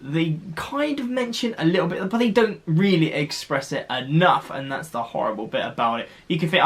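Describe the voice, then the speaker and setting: A man's voice: mid-range voice, brisk, few pauses, fairly bright tone. A man from the UK vlogging, explaining costs in a chatty, rambling way with restarts. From United Kingdom. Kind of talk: casual explainer to camera.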